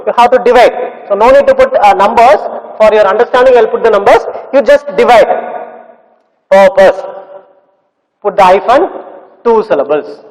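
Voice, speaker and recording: A man with a high voice teaches a classroom lesson, going over words again and again and drawing out their sounds. His voice carries with a long reverb, as if in a large, hard-walled room. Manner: slow, repetitive explaining with drawn-out sounds. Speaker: English teacher.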